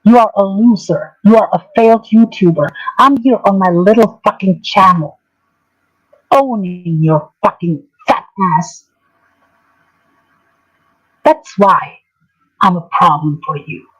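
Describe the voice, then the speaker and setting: A woman's voice: medium pitch, takes it slowly, pauses often, rough recording. Woman ranting angrily. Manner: angry, profane, repetitive ranting. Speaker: streamer. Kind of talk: livestream drama commentary.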